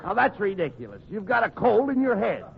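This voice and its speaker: A man's voice: high-pitched, big pitch swings, fairly quick, creaky. Exasperated, scolding radio straight man. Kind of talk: 1940s radio comedy. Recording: dull old radio recording with faint hiss.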